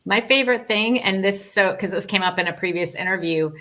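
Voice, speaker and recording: A woman's voice: medium pitch, brisk, sharp tone. A woman chatting casually as a podcast guest, friendly and easygoing. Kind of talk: casual chat.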